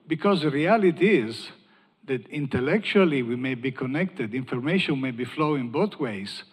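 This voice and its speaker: A man's voice: mid-range voice, animated, normal speed, slightly rough. A man from Italy with an Italian accent, opening a conference panel as moderator in an upbeat, joking, self-deprecating way. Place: large conference hall. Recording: long hall reverb.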